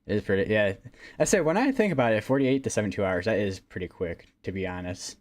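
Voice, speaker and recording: A man's voice: on the low side, expressive, quick pace. A man hosting a live weather stream, talking casually and rambling with lots of fillers and restarts. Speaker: livestream weather host.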